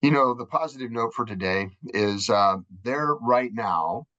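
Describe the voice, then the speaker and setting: A man's voice: mid-range voice, lively intonation, unhurried, a bit bright, no room sound, dull audio. Fervent man. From Minnesota, USA. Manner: fervent, repeats words, acts out voices. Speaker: charity marketing executive, guest. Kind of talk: faith-driven interview talk.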